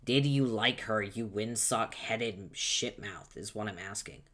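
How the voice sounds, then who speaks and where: A man voicing an angry, foul-mouthed young male troll, shouting insults impatiently, reading a webcomic aloud. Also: lowish voice, unhurried. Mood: irritated.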